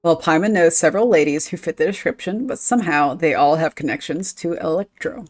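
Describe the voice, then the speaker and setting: A woman's voice: low-pitched, brisk. A woman voicing a chatty little floating female companion, reading game dialogue aloud.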